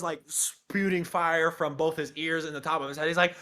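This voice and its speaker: A man recapping anime episodes with a co-host in a loose, chatty way. His voice is bright and forceful and sits a little high, and he throws himself into retelling scenes. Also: normal speed, hardly any pauses. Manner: animated, acts out character lines in a high shouting voice. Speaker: podcast co-host. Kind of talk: casual recap chat.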